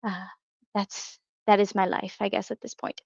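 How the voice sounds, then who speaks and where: A woman's voice: mid-range voice, flat delivery, moderate pace, vocal fry, darkish tone, no echo, lo-fi sound. A woman co-hosting a pop culture podcast, chatting casually with lots of fillers, restarts and small laughs. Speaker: podcast co-host. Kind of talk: casual chat.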